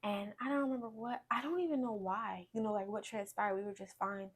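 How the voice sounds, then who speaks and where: A woman recounts her own hard experience as a testimony. She talks in a rambling, halting way, stopping and restarting as she goes, in a voice of middling pitch. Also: husky. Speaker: guest sharing her testimony. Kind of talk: emotional personal testimony.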